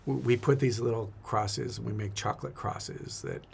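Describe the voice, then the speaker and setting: A man's voice: mid-range voice, a little slow, creaky, a little hiss or hum. A man, a priest, talking earnestly and reflectively in a casual faith conversation, often repeating his words.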